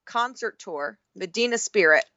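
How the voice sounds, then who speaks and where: A woman co-hosting a sports podcast in casual chat, talking quickly and upbeat. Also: medium pitch, animated, sharp tone, no room sound, highs cut off. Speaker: podcast co-host.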